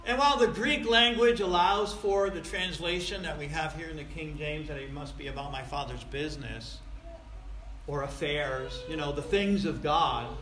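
A man preaching a sermon, swinging between loud, stressed points and quiet asides. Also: fairly high pitch, a little hiss or hum. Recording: echoey room.

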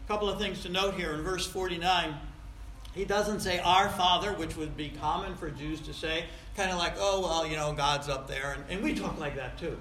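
A man preaching a sermon, swinging between loud, stressed points and quiet asides. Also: a little high, normal speed, slight background noise. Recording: echoey room.

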